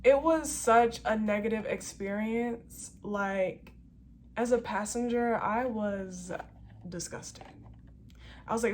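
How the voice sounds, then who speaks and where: A woman flight attendant telling a story in a casual vlog, animated and chatty with plenty of slang. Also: fairly high pitch, slight background noise.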